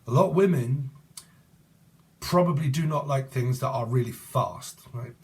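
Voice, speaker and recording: Slow-talking crude tarot reader. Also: male voice, mid-range voice. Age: 40s. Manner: crude, swearing, jokey and digressive. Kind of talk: rambling tarot reading monologue.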